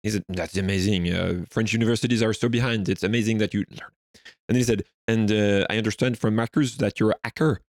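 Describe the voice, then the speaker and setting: A man's voice: fairly low pitch, steady tone, fast talker, no room sound, clean studio sound. A young Swedish man telling stories in a casual interview, rambling with lots of fillers. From Sweden. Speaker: guest.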